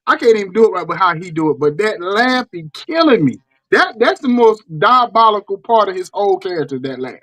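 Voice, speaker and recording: Stammering middle-aged Southern man, high-ish voice. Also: brisk, hardly any pauses, dry recording. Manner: animated, repeats words and stammers restarts. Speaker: podcast host. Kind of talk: casual chat.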